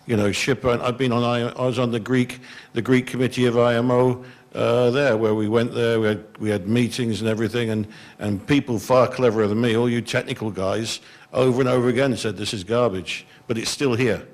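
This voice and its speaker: Brief: middle-aged male panelist, mid pitch, blunt and exasperated, frank conference talk. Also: fairly even intonation, fairly quick. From England. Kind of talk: panel discussion answer. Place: conference hall.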